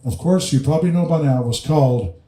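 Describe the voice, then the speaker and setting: A man's voice: on the high side, brisk. A man hosting a live music stream, chatting casually between songs and dedicating them to viewers in a rambling way. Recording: echoey room with loud music. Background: guitar music.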